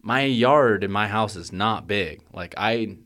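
A young man co-hosting a podcast, casually telling a story, swearing freely and getting loud and worked up as he relives a panic. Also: lowish voice, slow pace. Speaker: podcast co-host.

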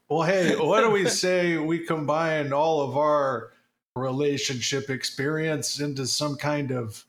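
A man's voice: a little high, fairly bright tone. A man hosting a podcast in casual chat, joking and swearing freely as he rambles. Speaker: podcast host. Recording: roomy echo.

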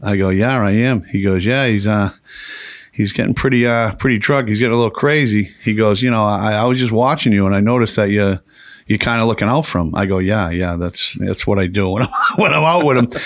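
A man hosts a casual podcast, spinning a long anecdote with plenty of swearing and laughter. His voice sits on the low side. The sound is dry and close, with little room around it. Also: fast talker, no echo. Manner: profane, rambling, laughs often. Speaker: podcast host. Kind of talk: casual storytelling.

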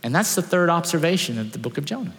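Male pastor, high voice, bright forceful tone, long hall reverb, sermon. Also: sing-song, quick pace. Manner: emphatic storytelling, rhetorical questions.

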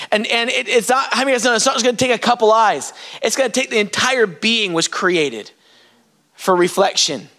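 A man preaching an impassioned sermon, breaking into sudden shouts. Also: very high voice. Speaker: pastor.

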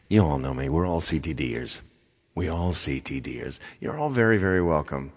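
A man's voice: very deep voice, animated, normal speed, slightly rough. A man hosting his livestream show, chatting casually with viewers in a rambling way and repeating himself, in a reverberant room. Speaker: livestream singer and host.

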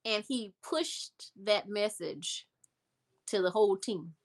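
A woman telling a story in a casual interview, animated and acting out the voices of people she quotes. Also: medium pitch, takes it slowly. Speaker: interview guest.

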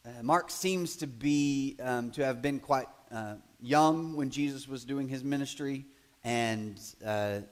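A man preaching a sermon in a conversational way, building to loud, emphatic passages and acting out quoted voices. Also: mid-range voice, slow. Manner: acts out quoted voices in asides. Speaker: pastor.

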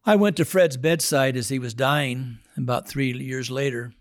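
A man's voice: mid-range voice, moderate pace, no room sound, studio quality. A man, a pastor, telling a story in a sermon and acting out the people in it.

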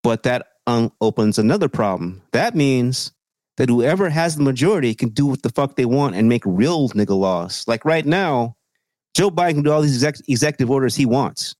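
A man's voice: mid-range voice, lively intonation, normal speed, a little mellow, no echo. Profane sarcastic man talking politics. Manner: profane, sarcastic, mocking quoted voices. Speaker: podcast co-host. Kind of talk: casual political chat.

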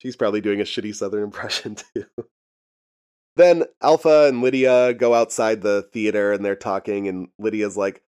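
A man's voice: lowish voice, steady tone, moderate pace, darkish tone, clear, resonant tone. A man casually recapping a TV episode, rambling and laughing often, with frequent profanity. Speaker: podcast host recapping a TV episode. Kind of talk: casual chat.

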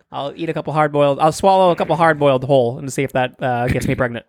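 Brief: male podcast co-host, mid pitch, crude deadpan humor, dry close mic. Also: fairly quick, no echo. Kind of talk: casual podcast chat.

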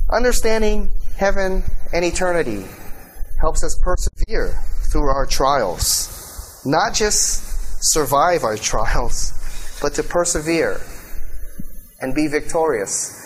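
Male host preaching casually but earnestly, middle-pitched voice, light noise behind. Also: a bit bright, poor audio. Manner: earnest, conversational preaching with frequent "you know" asides. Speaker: host and Bible teacher. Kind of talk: sermon-style teaching talk.

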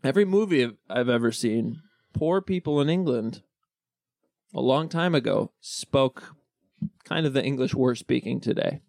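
Guy cracking jokes on a podcast, gravelly kinda fry-ish voice, dry close sound. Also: mid-range voice, animated, moderate pace, a little mellow, no room sound. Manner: joking, rambling with restarts. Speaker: podcast co-host. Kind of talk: casual banter.

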